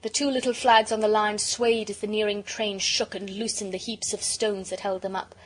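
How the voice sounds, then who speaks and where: A woman narrating a children's audiobook with expressive storytelling. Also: medium pitch, moderate pace, low-quality recording.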